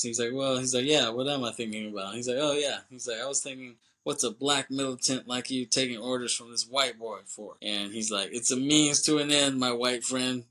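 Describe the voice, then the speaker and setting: A man's voice: medium pitch, pushed and bright. A man hosting a podcast, casually retelling a film scene by scene, acting out the characters' lines and laughing often. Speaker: podcast host. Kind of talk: casual movie recap.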